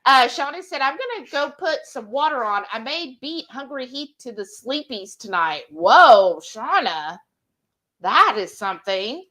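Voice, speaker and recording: A woman co-hosting a live cooking stream, greeting viewers by name and reading their comments aloud in an animated way. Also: high voice, measured pace.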